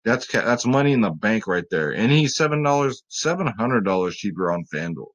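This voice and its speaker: A man's voice: lowish voice, big pitch swings, fairly quick. A man casually talking through fantasy basketball picks in a rambling, joking way, often addressing viewers as guys. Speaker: fantasy sports vlogger. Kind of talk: casual sports betting picks talk.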